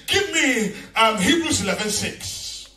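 A man's voice: high-pitched, animated, measured pace, sharp tone, soft background music. A man preaching a sermon in a church, emphatic and leading his congregation in call and response. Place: large church hall. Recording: echoey church hall from a distance.

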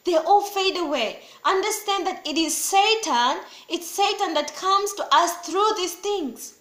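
A woman preaching a sermon, emphatic and repetitive, swinging between loud pleading and low grave warnings. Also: expressive, unhurried, roomy sound.

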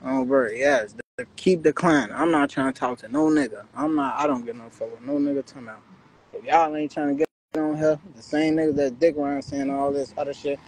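A man's voice: on the high side, fairly quick, vocal fry, a little mellow, poor audio. A young man talking loosely into his phone on a livestream, taunting viewers in brash street slang. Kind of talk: casual livestream talk.

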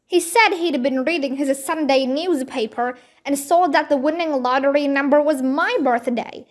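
A woman's voice: sits high, normal speed, close to an everyday voice. A woman reading aloud, giving a worried, subdued boy his lines in a voice close to her own. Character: boy Lucky, worried older brother.

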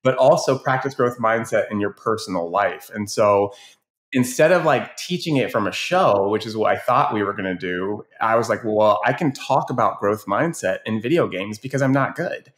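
Low-voiced man telling classroom stories. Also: moderate pace. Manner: animated storyteller, acts out voices in anecdotes. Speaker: educator and youth advocate guest. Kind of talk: casual podcast conversation.

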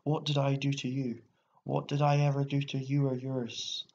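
Man putting on a croaky old guy, hoarse and worked up, muffled hissy recording. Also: mid-range voice, flat delivery, moderate pace, a little mellow, lightly acted. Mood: indignant. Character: old, frantic, croaking landowner. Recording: dull lo-fi recording with faint hiss.

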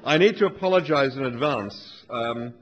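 A man, giving a humorous live talk on stage with dry, wry, deadpan asides. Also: medium pitch, normal speed. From England. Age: 40s. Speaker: author giving a live reading. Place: lecture hall with an audience. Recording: dull lo-fi live recording with faint noise.

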